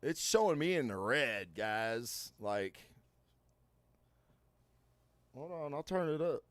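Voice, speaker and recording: Slow-paced and expressive, a medium-voiced man hosts a casual podcast through a studio microphone with no room sound. He tells loose stories loudly, with lots of fillers and frequent swearing.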